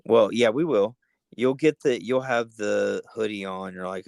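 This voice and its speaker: A tired man co-hosting a podcast, chatting casually with excitable, teasing banter. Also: fairly low pitch, unhurried, gravelly, no echo. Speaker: podcast co-host. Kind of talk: casual chat.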